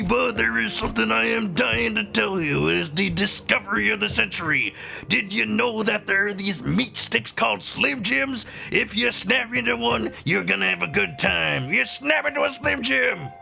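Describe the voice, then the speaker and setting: A gravelly macho rock creature. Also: male voice, high-pitched, sharp tone, pitched above the performer's own voice, full character voice. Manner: growling macho wrestler drawl, calls everyone bud. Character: gravelly boisterous male rock-creature explorer. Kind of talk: voicing game dialogue on a live stream. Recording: game music underneath.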